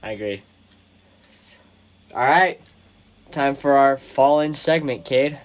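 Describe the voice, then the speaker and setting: A young man hosting a podcast, retelling movie scenes casually and excitedly, with slang and lots of "like". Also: mid-range voice, takes it slowly, slight background noise. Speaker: podcast host. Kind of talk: casual chat about a movie.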